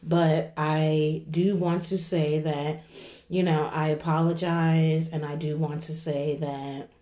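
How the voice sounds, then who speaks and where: A woman's voice: sits low, flat delivery, slow pace, mellow, echoey room. A woman in her forties, tearful after crying, talking in a rambling way to her viewers and often asking "okay?" and "you know?". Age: 40s. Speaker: vlogger. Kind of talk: emotional vlog talk to viewers.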